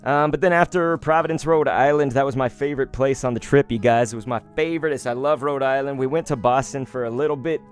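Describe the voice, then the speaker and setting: A man in his thirties chatting casually on a card-opening live stream, rambling between stories and bursting into excited outbursts. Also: mid-range voice, fast talker, few pauses, faint music behind.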